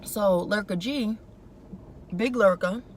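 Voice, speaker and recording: In a casual vlog, a young woman with a mid-range, unhurried voice recaps a reality show episode. She is opinionated, sassy, colloquial, and animated, and clear background noise includes vehicle sounds.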